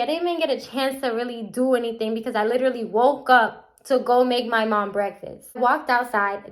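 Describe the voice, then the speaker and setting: A young adult woman telling a casual storytime vlog, animated and chatty, acting out the people she quotes. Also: a little high. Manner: animated, acts out quotes with a chatty run-on delivery. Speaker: vlogger.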